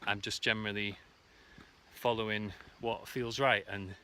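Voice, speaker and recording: A man's voice: on the low side, fairly even intonation, unhurried, sharp tone, a little hiss or hum. A man vlogging outdoors while hiking uphill, out of breath, talking in an earnest, rambling way about letting go of needing to be right. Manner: earnest, rambling, many fillers. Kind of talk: reflective self-help monologue. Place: outdoors on a hike.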